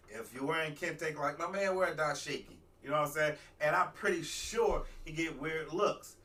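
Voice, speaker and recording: A man, a talk show host, telling a rambling, animated story in a casual talk-radio monologue. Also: a little high, distant mic. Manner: rambling, animated, restarts and asides.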